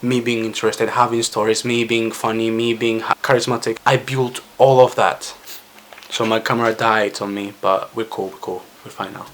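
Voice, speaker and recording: A man's voice: fairly low pitch, flat delivery, moderate pace, a bit bright, slight background noise. Young Spanish-accented man who stutters. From Spain. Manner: stuttering, with frequent restarts. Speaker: vlogger. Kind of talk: casual talk to camera.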